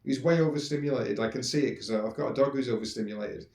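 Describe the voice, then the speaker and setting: A man's voice: mid-range voice, fast. Man telling stories in a roomy echo. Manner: rambling, animated, swears, acts out quoted speech. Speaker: podcast host. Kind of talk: casual storytelling monologue.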